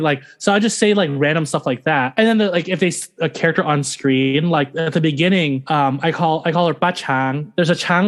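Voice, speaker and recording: A man in his thirties spills stories at a breakneck clip, animated and chatty. His voice sits a bit high for a man. He hops between English and Thai mid-sentence. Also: racing. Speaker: podcast guest, actor. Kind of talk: casual interview chat.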